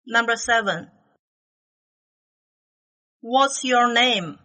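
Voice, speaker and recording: A woman reading numbered items from an English listening test, each phrase slow, carefully spaced and evenly paced. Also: on the high side, pushed and bright, low-quality recording.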